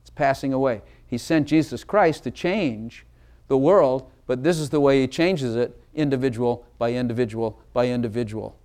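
A man's voice: mid-range voice, normal speed, a little mellow. A man preaching a sermon in a church, emphatic and asking the congregation direct questions. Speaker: pastor.

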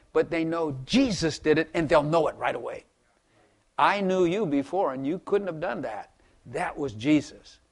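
A man's voice: on the high side, a little mellow. An older man preaching a rambling, folksy sermon to his congregation, chuckling and repeating words as he goes. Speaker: pastor.

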